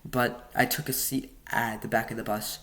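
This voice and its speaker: A man's voice: mid-range voice, flat delivery, moderate pace, sharp tone. A man reading his novel aloud casually, stumbling and adding joking asides. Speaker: audiobook reader.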